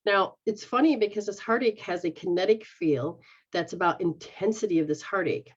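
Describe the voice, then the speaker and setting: A woman's voice: medium pitch, moderate pace, breathy edge, lo-fi sound. A woman leading an energy healing session, voicing her clients' feelings in first person and giving step-by-step hand-position instructions. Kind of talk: guided healing session, casual.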